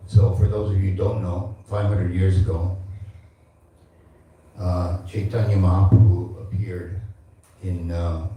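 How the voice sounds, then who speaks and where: A man in his seventies, a temple speaker, gives a devotional class, reciting Sanskrit verses and teaching with asides to the audience. His low-pitched, dark voice is flat and unhurried, with frequent pauses. Recorded from far off in a large, echoey temple hall, the audio carries a little hiss or hum.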